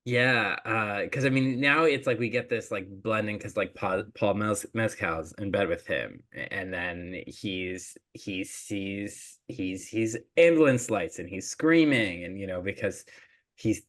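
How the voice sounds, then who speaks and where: A man's voice: fairly low pitch, measured pace, a bit bright. A man co-hosting a podcast, talking casually about a movie with lots of "like" and "you know," often laughing. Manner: chatty, filler-heavy, laughs easily. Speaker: podcast co-host. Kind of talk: casual film discussion.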